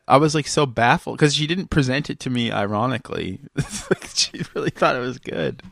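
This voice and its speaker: A man's voice: medium pitch, creaky, fairly bright tone, no echo, clean studio sound. A man hosting a podcast, reacting to clips in a candid, critical, rambling way. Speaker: podcast host. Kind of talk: casual reaction chat.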